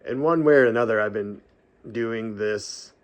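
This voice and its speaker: A middle-aged man talking casually about podcasting, rambling with fillers and restarts, laughing often and letting out a breathy sigh after long phrases. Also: on the low side, moderate pace. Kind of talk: casual vlog talk.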